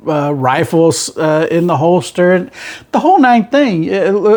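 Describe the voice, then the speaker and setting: A man's voice: on the high side, a little mellow. A middle-aged man with a rural Southern American twang, a truck driver telling his road stories in a rambling, folksy way. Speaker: truck driver and channel host. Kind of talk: casual storytelling monologue.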